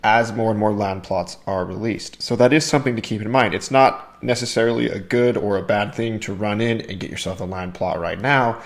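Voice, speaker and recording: A man's voice: fairly low pitch, a little fast, hardly any pauses. A man hosting a crypto video channel, talking casually and enthusiastically to his viewers as he walks them through a topic. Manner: enthusiastic, addresses viewers as "you guys". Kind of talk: casual explainer talk to camera.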